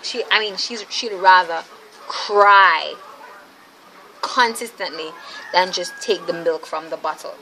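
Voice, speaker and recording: Young woman vlogger, bright forceful voice, chatty and animated, recorded at home on a camera mic. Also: lowish voice, takes it slowly, pauses often, a little hiss or hum, rough recording. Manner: chatty, animated, laughs often, addresses viewers as ladies. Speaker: vlogger, mother. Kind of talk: casual vlog storytelling.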